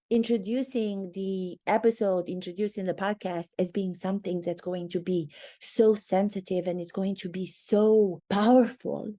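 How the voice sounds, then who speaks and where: Mellow-voiced woman acting coach, emphatic. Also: mid-range voice. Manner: critical, emphatic, stretching key words. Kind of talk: opinionated commentary video.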